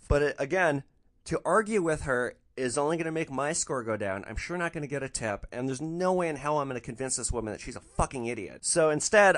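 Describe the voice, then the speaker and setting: A man hosting a podcast, telling a rideshare story with sarcastic, animated delivery. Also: medium pitch. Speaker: podcast host and rideshare driver.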